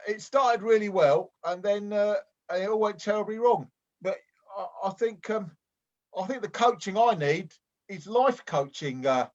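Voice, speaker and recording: A man's voice: high-pitched, lo-fi sound. A man voicing a hapless, lonely amateur boxer who rambles earnestly with many restarts, improvising comedy over a video call. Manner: hesitant and rambling, full of restarts. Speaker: improv performer.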